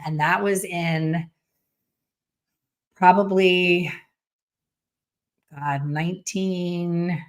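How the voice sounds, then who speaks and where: Telling a story to her viewers, a middle-aged woman who works as a hair colorist speaks bluntly and with animation, slipping in a bit of mild swearing. Her voice is low and her pace moderate.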